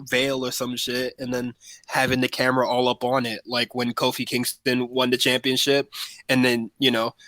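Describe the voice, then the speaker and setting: A man's voice: mid-range voice, pushed and bright, dry recording. A man co-hosting a casual wrestling podcast, rambling with many fillers and restarts. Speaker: podcast co-host.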